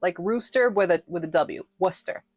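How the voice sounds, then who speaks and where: A woman's voice: mid-range voice, unhurried, no room sound, soft background music. A woman from New England chatting casually with her live-stream viewers, playful and sassy and laughing often. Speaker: livestreamer and author reading her novel.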